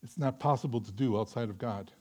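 A male pastor delivers a sermon in his ordinary mid-range voice. He speaks with earnest conviction, rising to loud emphatic peaks and sinking to quiet, reflective passages. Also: medium pitch, a little fast. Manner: closes in prayer.

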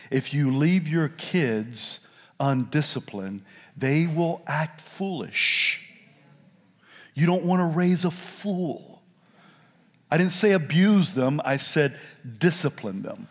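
An older man from South Carolina preaching a sermon, swinging from loud shouted lines to low, quiet asides. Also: long reverb tail. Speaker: pastor.

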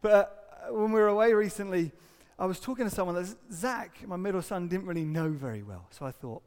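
A middle-aged man, a pastor, preaching an earnest sermon and acting out quotes and stories with lively shifts. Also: sits high, a little fast, clear, resonant tone, in a large hall. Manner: earnest, animated storytelling with acted-out quotes.

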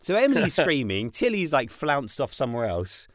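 A man's voice: mid-range voice, moderate pace, dry recording, studio quality. A British man co-hosting a casual podcast chat, animatedly telling stories and mimicking his kids. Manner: animated, acts out his kids' voices in storytelling. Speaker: podcast co-host. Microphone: studio mic in vocal booth.

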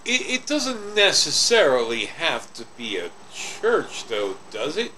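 A man co-hosting a casual chat, speaking slowly with stammered restarts. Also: a little high, wildly swooping pitch, sharp tone, slight background noise. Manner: slow, drawn-out, with stammered restarts. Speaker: co-host.

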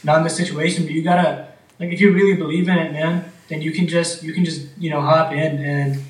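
A man in relaxed conversation, talking in a laid-back way, often calling his friend "man" and telling stories with energy. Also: on the high side, a little fast, distant mic. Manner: laid-back, says "man" a lot, animated storytelling. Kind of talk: casual chat. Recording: roomy, off-mic.

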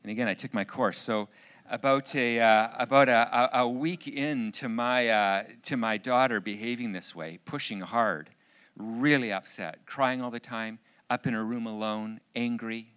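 A middle-aged man telling a personal story in a sermon, an animated storyteller with jokey asides. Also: medium pitch, moderate pace, clear, resonant tone. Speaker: speaker.

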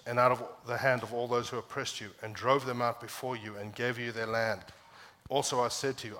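A man preaching a sermon as pastor, passionate, climbing to emphatic peaks and dropping low and quiet when quoting scripture. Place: church.

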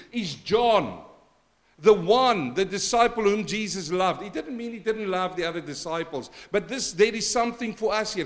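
Here a high-pitched pastor delivers a church sermon, moving from hushed passages to loud, emphatic surges and appealing directly to the congregation.

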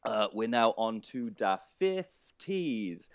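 A man co-hosting a podcast, joking excitably and swearing freely in casual banter. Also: lowish voice, takes it slowly, no echo, clean studio sound. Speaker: podcast co-host.

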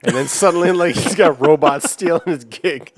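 A man's voice: on the high side, moderate pace. A man co-hosting a casual podcast chat, giggling and riffing on jokes with lots of fillers. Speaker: podcast co-host.

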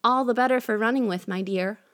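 A hungry male wolf from a storybook speaks in a gruff, coaxing voice that hides his scheming. He is put on by a woman reading the tale aloud. The voice sits higher than her usual tone. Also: fairly quick, fairly bright tone, close to an everyday voice. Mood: menacing. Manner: coaxing, falsely sweet.

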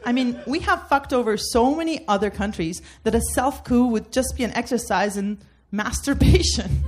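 A woman from Turkey doing a comedic debate bit, laughing through her jokes. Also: on the high side.

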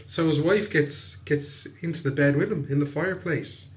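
Animated Irish male storyteller. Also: a little high, normal speed. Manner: animated and chatty, laughing often. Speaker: podcast host, storyteller. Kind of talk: casual storytelling chat.

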